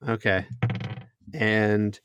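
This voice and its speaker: A man's voice: on the low side, level tone, drawn-out words, a bit bright, clean tone, no room sound, clean studio sound. A man running a tabletop game as game master, narrating scenes in a descriptive, easygoing way and laughing often.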